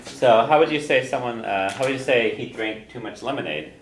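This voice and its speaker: A man's voice: mid-range voice, brisk. A man teaching a language class, patiently explaining and repeating phrases for his students, chuckling now and then. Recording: roomy classroom echo, faint noise.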